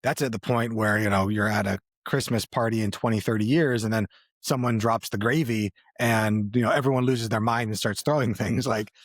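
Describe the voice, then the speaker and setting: A man's voice: lowish voice, steady tone, a little fast, no echo, studio quality. A man co-hosting a podcast, speaking candidly and reflectively in casual chat. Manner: reflective, candid, with fillers and restarts. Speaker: podcast co-host.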